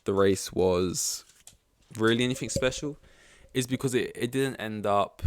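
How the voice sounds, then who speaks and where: A man's voice: lowish voice, a little slow, dry recording. A man hosting a podcast in casual chat, rambling with lots of fillers and swearing. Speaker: podcast host.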